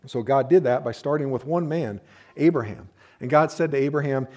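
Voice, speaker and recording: A man's voice: medium pitch, fairly quick, mellow. A man, a pastor, preaching a sermon in a conversational way with playful asides. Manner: conversational, uses playful asides and acted-out quotes.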